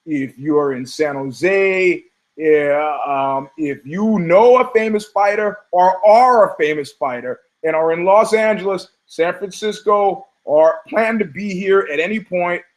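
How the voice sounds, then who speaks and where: Animated, rambling male podcast host. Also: high voice, a little slow. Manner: rambling, animated storytelling with profanity and asides. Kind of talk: casual podcast monologue.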